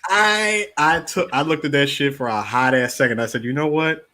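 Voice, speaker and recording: A man's voice: a little high, moderate pace. A man co-hosting a casual podcast chat, building up a funny story with lots of emphasis. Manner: lively storyteller, builds up jokes. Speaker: podcast co-host.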